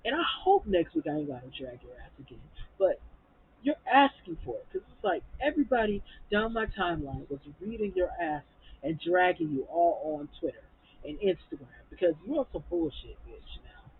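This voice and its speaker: Profane, high-pitched reviewer on tinny audio. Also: male voice, sing-song, moderate pace, slightly rough. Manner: blunt, profane, heated ranting. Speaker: reality TV reviewer. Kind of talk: TV episode recap and review.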